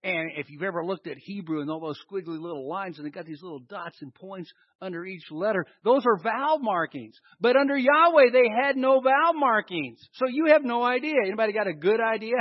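In an animated sermon, a man asks his congregation questions and then answers them himself. His voice is high and fairly quick, captured in a dull lo-fi recording without echo.

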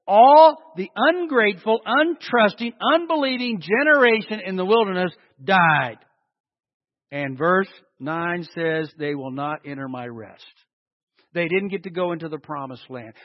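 Animated high-voiced preacher in a reverberant hall. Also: male voice. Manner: animated, full of rhetorical questions. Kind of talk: sermon. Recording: dull lo-fi with long hall reverb.

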